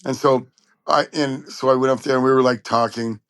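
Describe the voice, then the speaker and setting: A man from Long Beach, California, a trumpet player telling lively anecdotes in a casual interview. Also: medium pitch, brisk, no echo. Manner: animated anecdotes, acts out quoted voices.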